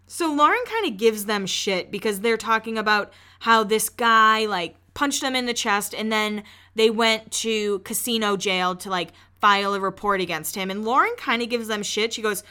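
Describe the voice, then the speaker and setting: A woman's voice: medium pitch, moderate pace, few pauses, sharp tone, clean tone. A young woman hosting a podcast, recapping a reality show in chatty, gossipy talk full of "like" and casual swearing.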